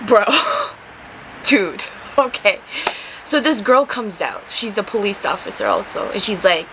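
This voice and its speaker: A young woman hosting a podcast, telling a story in a casual, animated way and acting out the quotes, with some swearing. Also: a little high, measured pace, slight background noise, poor audio. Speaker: podcast host.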